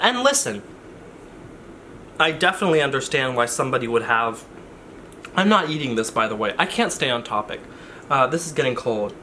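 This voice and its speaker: Bright-voiced rambling young guy vlogger. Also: medium pitch, lively intonation, a little fast, slight background noise. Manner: rambling, self-interrupting, jokey asides. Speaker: YouTuber. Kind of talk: casual vlog chat.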